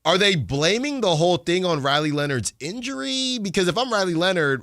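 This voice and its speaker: A man hosts a sports radio show in an easy, chatty way and gets animated as he talks. His voice is bright and pushed forward. It sounds close and dry in the studio. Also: fairly quick, no room sound. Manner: chatty, animated, jumps pitch when excited. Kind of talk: casual sports talk.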